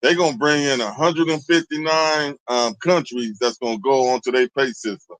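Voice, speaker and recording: A man's voice: mid-range voice, moderate pace, fairly bright tone, no echo, rough recording. A man in a casual group discussion, explaining points in a casual, profane way.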